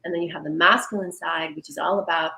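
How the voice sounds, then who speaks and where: A woman energy healer giving a coaching talk on a livestream video call, animated and guiding listeners through exercises. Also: fairly low pitch, fast talker, creaky, echoey room, poor audio.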